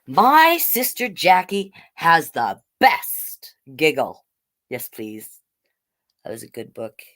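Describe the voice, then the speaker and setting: A woman reading picture books aloud to children, with chatty, animated asides to the viewers. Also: deep voice, takes it slowly. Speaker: storytime reader.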